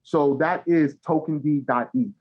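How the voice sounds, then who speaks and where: A man's voice: on the high side, moderate pace. A man speaking as a podcast guest, often stalling on repeated words and fillers. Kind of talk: casual podcast interview. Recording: dull lo-fi sound.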